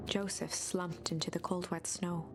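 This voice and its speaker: A woman narrating a storybook game in a soft, hushed, often whispered delivery, with game music behind her. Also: lowish voice, level tone, moderate pace, background noise, natural voice.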